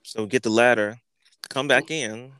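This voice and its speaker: A man's voice: mid-range voice, normal speed. A man hosting a podcast, telling a casual story with lots of swearing and acting out the people he quotes. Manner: animated, profane, acts out quotes. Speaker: podcast host.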